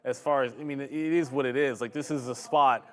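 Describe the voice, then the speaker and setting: A man in mid-range pitch talks through his trading plan on a live stream. He walks through levels and orders in a relaxed, offhand way. He sometimes corrects himself and laughs at his own slips. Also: a little fast. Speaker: stock trading stream co-host.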